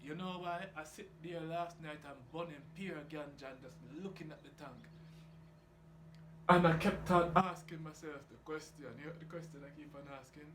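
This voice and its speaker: A man rambling casually about his aquarium hobby, laid-back and swearing freely. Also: sits high. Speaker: reef tank hobbyist vlogger. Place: home room by an aquarium, door open to outside. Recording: echoey room with outdoor noise. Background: geese and outdoor ambience.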